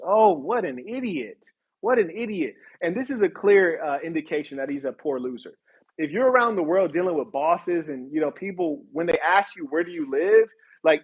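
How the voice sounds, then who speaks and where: A man's voice: a little high, husky, lo-fi sound. A man hosting a livestream, talking in a blunt, brash and mocking way. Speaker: host. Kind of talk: livestream commentary.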